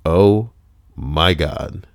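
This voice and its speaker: A man's voice: sits low, drawn-out words, no echo, studio quality. A man streaming from home, reading stories aloud with wry, joking asides to his chat.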